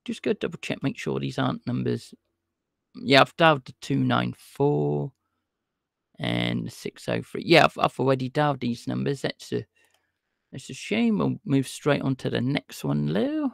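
Creaky-voiced man rambling on a livestream. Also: medium pitch, moderate pace, a bit bright, no room sound, clean studio sound. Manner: rambling, chatty, greets viewers by name. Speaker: livestream host calling scammers. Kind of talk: casual livestream chat.

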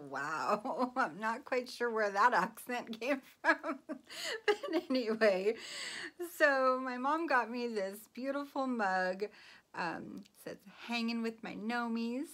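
A woman vlogger chatting casually about her gifts, gushing and giggling, sometimes dropping to a soft whisper. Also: fairly high pitch, slow pace. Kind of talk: casual chatty haul video. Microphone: phone.

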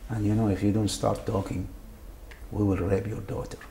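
A man's voice: fairly low pitch, level tone, mellow. A man speaking in an interview, who halts and repeats words as he recounts what he went through; his first language is Arabic. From Saudi Arabia. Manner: halting, repeats words often. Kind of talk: emotional interview testimony. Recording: faint background noise.

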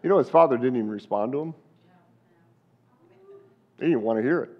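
A man's voice: mid-range voice, expressive, brisk, muffled recording. A male pastor preaching a sermon, telling a story with animation and asking the congregation questions.

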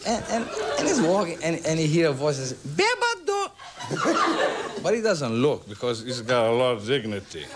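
A Brazilian-born man telling comic stories as a guest on a television talk show, breaking into squeaky voices for his characters. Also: fairly quick, hardly any pauses, heavy background noise. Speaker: guest entertainer.

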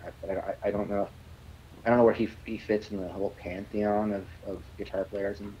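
A man's voice: fairly low pitch, flat delivery, brisk, dark tone, dull audio, a little hiss or hum. A man guest telling rambling stories in a casual interview, stammering, restarting and swearing freely. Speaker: musician guest.

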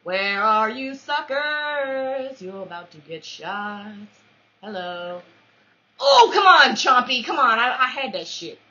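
A woman commentating her own shooter match, with playful trash talk, mock-formal quips and excitable yelps. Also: mid-range voice, unhurried. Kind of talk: let's-play commentary. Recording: dull lo-fi recording.

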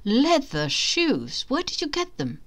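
A woman's voice: sits high, wildly swooping pitch, takes it slowly, a bit bright, pitched above the performer's own voice, heavily acted. A woman voicing a stern male bureaucrat who is scandalized by rule-breaking, in a spoken storybook reading.

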